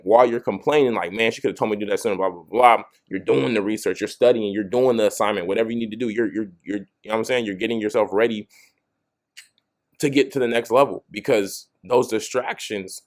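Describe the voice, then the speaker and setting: A young man giving a casual motivational talk to camera, often saying "you know what I'm saying" and restarting his sentences. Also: lowish voice. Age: young adult. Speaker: motivational video host.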